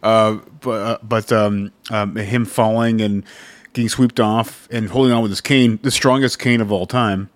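A man's voice: fairly low pitch, steady tone, moderate pace, no echo. Male podcast co-host, casual, rambling, mild swearing, dry close sound. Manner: rambling with many fillers and restarts. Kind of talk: casual chat.

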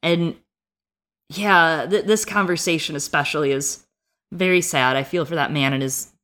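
Deep-ish woman chatting on a book podcast, laid back, swears a bit. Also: normal speed, a bit bright. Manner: chatty, laughs easily, swears casually. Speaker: podcast co-host. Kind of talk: casual book discussion.

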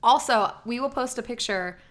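A woman co-hosting a podcast, telling stories in animated casual chat and laughing easily. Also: on the high side, normal speed. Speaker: podcast co-host.

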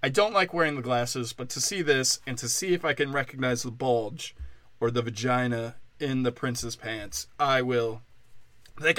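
A man delivering a crude, mocking comedic rant, full of profanity and fast tangents. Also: mid-range voice, a bit bright, no echo.

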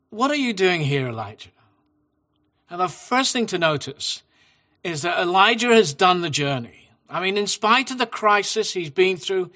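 Bright-voiced man preaching gently. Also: fairly high pitch. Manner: gentle, conversational, reflective. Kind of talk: sermon with scripture reading.

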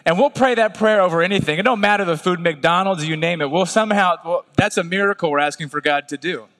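A pastor delivers a sermon in a relaxed, conversational, folksy style, frequently checking in with his listeners. He has a high-pitched voice and talks fast, and the audio carries a long reverb tail.

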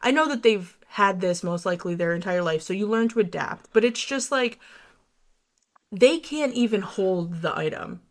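A woman co-hosting a true-crime podcast, talking in a chatty, rambling way with animated asides. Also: mid-range voice, normal speed. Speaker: podcast co-host.

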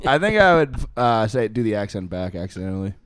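A man's voice: on the low side, big pitch swings, fairly quick, fairly bright tone, clean tone. A man co-hosting a comedy podcast, making wry, playful interjections. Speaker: podcast co-host. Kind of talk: casual comedic chat.

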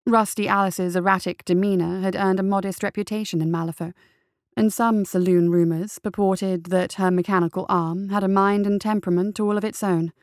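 A woman reading a dark adventure story aloud as its narrator, with a steady, even storytelling delivery. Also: medium pitch, a little fast, dry recording, clean studio sound.

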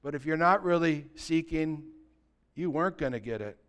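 A man, a pastor preaching a sermon and telling stories, swinging from loud passages to hushed ones. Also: on the high side, expressive, normal speed, clean tone. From United States.

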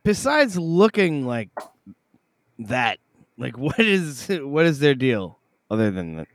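A man co-hosting a casual podcast, animated, laughing often and swearing. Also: mid-range voice, slow. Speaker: podcast co-host. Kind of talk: casual chat.

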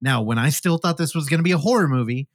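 A man's voice: fairly high pitch, fast talker, no echo, clean studio sound. A man co-hosting a movie podcast, recapping a film with casual swearing and acting out scenes in mock voices. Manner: profane, animated, acts out scenes in silly voices. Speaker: podcast co-host. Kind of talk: casual movie review chat.

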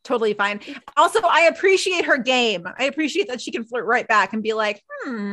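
A woman co-hosting a podcast in casual chat, agreeing warmly and reading out listener comments. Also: on the high side, animated, brisk, few pauses. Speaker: podcast co-host. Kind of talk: casual fan chat about a TV show.

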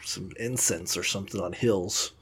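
A man's voice: deep voice, moderate pace, a bit bright, slightly rough. A man co-hosting a podcast who retells scripture in a profane, joking, irreverent way. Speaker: podcast co-host. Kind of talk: casual chat.

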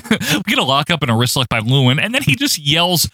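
A man with a bright, forward voice and a lively, bouncing pitch, talking casually as a co-host, laughing easily and mimicking people. The sound is close and dry, with no room around it. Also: a little fast, dry recording. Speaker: podcast co-host. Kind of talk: casual wrestling commentary chat.

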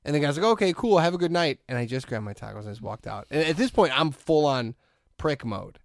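A man's voice: a little high, expressive, a little fast, vocal fry, no echo, studio quality. A man co-hosting a podcast in casual chat, animatedly telling a story and acting out the people he quotes. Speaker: podcast co-host.

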